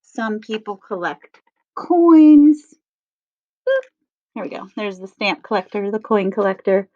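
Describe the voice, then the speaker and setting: A woman teacher reading a picture book aloud to children, stressing each word slowly in a sing-song way. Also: medium pitch, lively intonation, dark tone. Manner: slow, sing-song emphasis on words. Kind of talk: read-aloud lesson for children. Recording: dull lo-fi sound.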